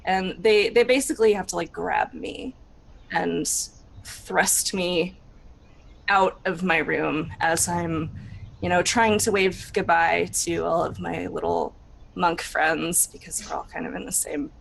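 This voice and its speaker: A woman's voice: on the low side, fairly even intonation, unhurried, vocal fry, slight background noise, poor audio. A woman narrating her character's actions in a tabletop role-play, in a chatty, filler-heavy way with frequent laughter. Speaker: player.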